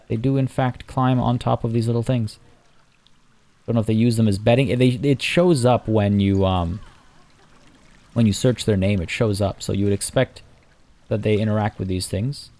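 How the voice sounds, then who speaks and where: A man casually commenting as he plays a zoo-building game, rambling and chatty, often restarting sentences and filling pauses. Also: fairly low pitch, vocal fry, mellow. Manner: rambling, chatty, self-correcting with fillers. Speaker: let's play host.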